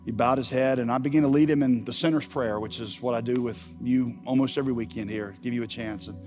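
A male pastor preaching a sermon, telling a story that swings from hushed to loud and emphatic. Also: medium pitch, fairly even intonation, fast, music in the background.

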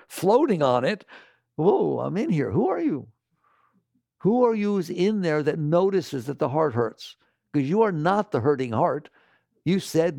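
Animated, gravelly man lecturing with questions. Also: on the high side, no room sound, clean studio sound. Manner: rhetorical, keeps asking the audience questions; animated, slips into mocking quoted voices. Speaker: spiritual teacher. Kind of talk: lecture to a live audience.

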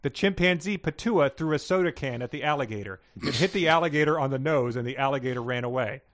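A man at an ordinary middle pitch co-hosts a podcast. He reads passages aloud in a casual, unpolished way, with small stumbles and chuckles. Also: fast talker. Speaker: podcast co-host reading listener submissions.

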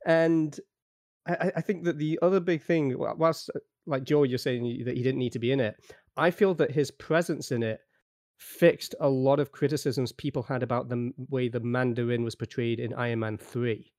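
Yorkshire guy chatting on a podcast, thinks out loud, dry close mic. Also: mid-range voice, fairly even intonation, normal speed, no echo. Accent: Yorkshire English. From Yorkshire, England. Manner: thoughtful, explaining his theory. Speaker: podcast guest. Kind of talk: casual podcast chat.

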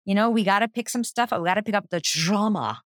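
A woman's voice: medium pitch, fast talker, no echo, studio quality. A young woman with a New Jersey accent co-hosting a casual recap chat, sarcastic and swearing freely. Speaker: podcast co-host.

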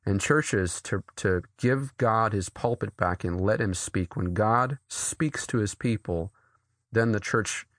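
A man from New England, an author and pastor, talking earnestly as an interview guest, with quick restarts and frequent laughs. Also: on the low side, fairly bright tone, no echo, clean studio sound.

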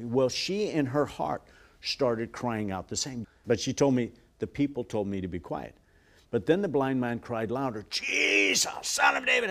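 A man in a TV interview, earnestly telling a story and acting out quoted voices softly. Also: medium pitch. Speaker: guest, ministry worker.

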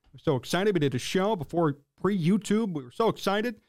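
A man's voice: high voice, expressive, brisk, a little mellow. A man hosting a sports talk show, ranting in an exasperated, sarcastic way and reading out chat comments.

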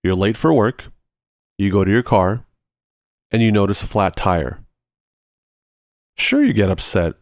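Low-voiced man teaching in a lively way. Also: measured pace, pauses often, no echo, studio quality. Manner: talks through everyday examples step by step; lively, repeating short phrases for emphasis. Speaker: ministry podcast host. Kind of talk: conversational teaching.

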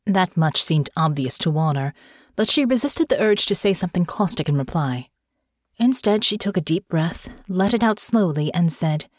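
A woman narrating an audiobook with expressive, scripted storytelling on a close studio mic. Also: lowish voice, normal speed, no room sound.

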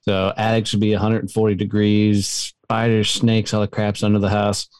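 A middle-aged man telling relaxed stories as a podcast guest. His voice sits fairly low, and his manner is chummy and easygoing. The sound is dry and close to the mic. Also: normal speed, clear, resonant tone, dry recording. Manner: easygoing, chummy, calls the host dude and brother. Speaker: podcast guest, Marine veteran and entrepreneur. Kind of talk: casual storytelling interview.

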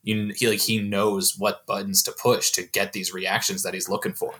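A man's voice: on the low side, flat delivery, moderate pace, pushed and bright. A young man talking as a guest on a movie podcast, rambling with lots of filler words. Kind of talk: casual movie discussion.

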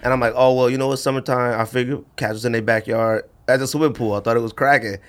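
A man co-hosting a podcast in casual chat, telling a story animatedly, acting out quotes and saying bruh and man a lot. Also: quick pace. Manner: animated storyteller, acts out quotes with big pitch jumps. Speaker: podcast co-host.

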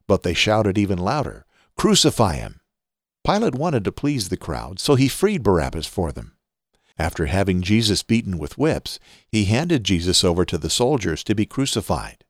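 Expressive low-voiced man reading scripture. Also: no echo, studio quality. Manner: reads scripture aloud in a measured, expressive way. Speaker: podcast host. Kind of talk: Bible reading podcast. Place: home studio.

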